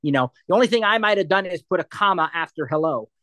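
Give me an instructor in mid-register giving a relaxed live lesson, who rambles a little and fills pauses with um and uh. The sound is dry and close, with no room around it. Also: mid-range voice, no echo. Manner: chatty and digressive, thinks aloud with many fillers. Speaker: assistive technology instructor. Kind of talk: live class demonstration.

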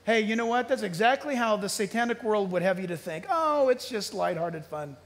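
High-pitched animated male preacher, hall reverb. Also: normal speed. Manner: animated, emphatic preaching with sudden loud peaks and hushed storytelling. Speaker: pastor. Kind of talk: sermon. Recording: long church hall reverb.

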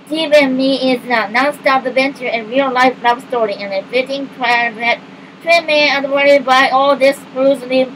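A woman with a high, light voice reads book jacket blurbs aloud. Her reading is halting, with stumbles, restarts and misread words along the way. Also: fairly even intonation, a bit bright, slight background noise, low-quality recording.

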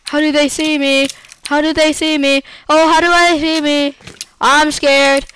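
A woman's voice: high-pitched, steady tone, moderate pace, heavy background noise. A woman giving chatty gameplay commentary, breaking into dramatic squeals and panicked repeated cries. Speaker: Minecraft let's-play creator.

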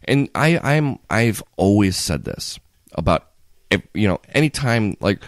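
A man's voice: fairly low pitch, measured pace, no echo, studio quality. A man co-hosting a podcast, rambling in casual chat with many restarts. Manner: rambling, restarts often, animated. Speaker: podcast co-host.

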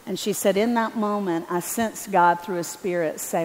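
A woman telling a story in a sermon at a conference, animated and acting out the voices of the people in it. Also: mid-range voice, normal speed, few pauses, a crowd in the background, noisy background. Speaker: conference speaker. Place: large arena. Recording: echoey arena with faint ambience.

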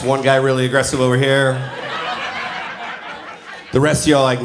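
A man's voice: mid-range voice, level tone, moderate pace, pauses often, crowd noise. A man in his forties performing a stand-up comedy set in a live venue, telling stories and acting out quotes in a conversational way. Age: 40s. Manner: conversational storytelling with acted-out quotes. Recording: roomy live venue with loud audience noise.

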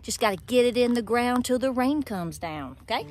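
A woman's voice: fairly high pitch, lively intonation, normal speed, music in the background. A woman, hosting a homestead vlog and chatting casually with her viewers while working outdoors in a garden. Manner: chatty, folksy, talks straight to viewers.

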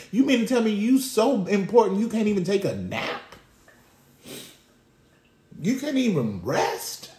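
A man preaching with an animated, conversational delivery, dropping street slang as he talks straight to his listeners. His voice sits a bit high for a man. The sound carries a noticeable roomy echo. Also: normal speed. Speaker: pastor. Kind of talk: sermon.

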